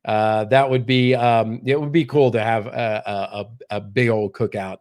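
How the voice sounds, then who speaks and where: A man's voice: medium pitch, fairly even intonation, unhurried, darkish tone. A man hosting a casual livestream, chatting with viewers and reading out the news with lots of fillers. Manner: chatty, reads viewer comments aloud, many fillers. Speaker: livestream host. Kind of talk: casual live-stream chat and news reading.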